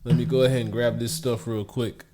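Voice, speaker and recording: A man's voice: mid-range voice, level tone, fairly quick, dark tone, slight background noise. A man hosting a podcast in laid-back, slangy casual banter. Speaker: podcast host. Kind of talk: casual chat.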